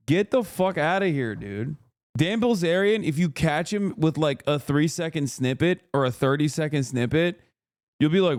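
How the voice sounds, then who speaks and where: A man's voice: fairly high pitch, expressive, moderate pace, darkish tone, dry recording, studio quality. A man streaming and reacting to clips in a heated, profane rant, laughing now and then between points. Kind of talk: casual reaction commentary.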